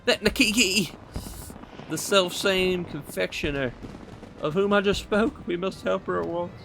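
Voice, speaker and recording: A man voicing a fussy festival helper in a higher, theatrical put-on voice, drifting into a loose accent and tacking on "mate". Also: a little slow, creaky, fairly bright tone, exaggerated voice. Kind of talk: reading game dialogue aloud in character. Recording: faint game music behind.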